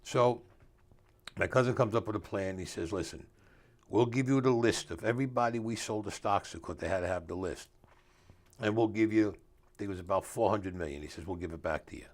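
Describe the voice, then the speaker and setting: Speaking fairly low and a little quickly, the older author trades stories in a relaxed interview, voicing the characters' lines himself. His delivery is streetwise and loose with grammar.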